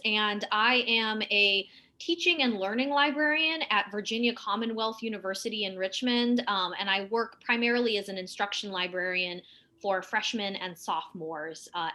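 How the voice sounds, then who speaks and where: A woman's voice: medium pitch, pushed and bright. A woman, a teaching librarian, briefly introducing herself on a webinar with a few hesitant fillers.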